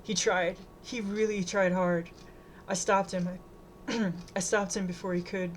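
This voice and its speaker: A woman's voice: mid-range voice, fairly even intonation, a little slow, a little hiss or hum, lightly acted. Upset teen girl with a shaking voice, voiced by a woman narrator. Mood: tearful. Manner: shaky, tearful. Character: teenage girl, shaken and upset.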